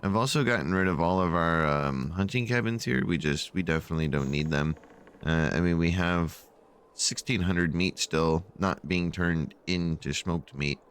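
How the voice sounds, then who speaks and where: A man's voice: sits low, moderate pace, fairly bright tone, clean tone. A sleepy man casually narrating his strategy game, rambling with many fillers and yawns, at a desk microphone at home. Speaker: gameplay channel host.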